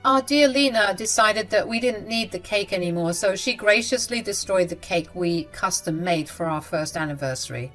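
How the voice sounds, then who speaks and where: A woman's voice: lowish voice, normal speed, few pauses, a bit bright, soft background music. A woman telling a family drama story in a gossipy, mocking tone. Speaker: narrator. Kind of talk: storytelling narration.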